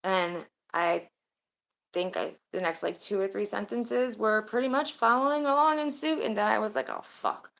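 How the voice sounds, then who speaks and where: A woman's voice: mid-range voice, moderate pace, creaky, a bit bright, dull audio. A woman streaming and chatting casually with her viewers, rambling and swearing now and then. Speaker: streamer talking to her chat. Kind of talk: casual livestream chat.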